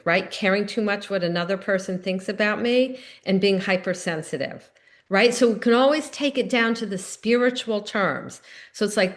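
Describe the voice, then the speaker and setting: A woman's voice: medium pitch, moderate pace. A middle-aged woman giving a recovery meeting talk, telling personal stories in an earnest, conversational way.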